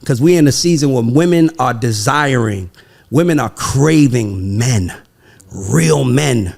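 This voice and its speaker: A man hosting a podcast in casual chat, talking in an animated, emphatic, profane way. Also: medium pitch, unhurried, vocal fry. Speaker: podcast host.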